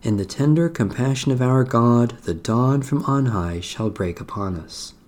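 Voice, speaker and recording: A man giving a slow, measured liturgical reading of prayers and scripture in a solemn, prayerful manner. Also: mid-range voice, lively intonation, a little mellow. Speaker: liturgical reader.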